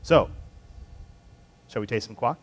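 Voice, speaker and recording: A man's voice: mid-range voice, unhurried. A man in his thirties leading a beer tasting class, talking casually with fillers and restarts as he tells a personal story. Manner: conversational, rambling with fillers and restarts. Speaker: beer importer representative presenting a tasting.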